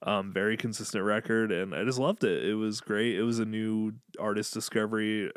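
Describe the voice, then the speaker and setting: Low-voiced man rambling about music. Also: steady tone, moderate pace, smooth, dry recording, clean studio sound. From Illinois, US. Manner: rambling, filler-heavy, enthusiastic. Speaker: podcast co-host. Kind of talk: casual music review chat.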